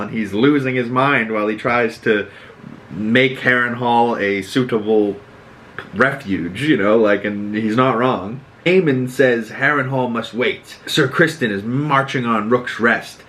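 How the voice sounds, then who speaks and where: A podcast host with a Boston accent chats casually through an episode recap, swearing a lot and acting out quotes. He has a mid-range, slightly bright voice at a measured pace, with a little hiss or hum in the audio.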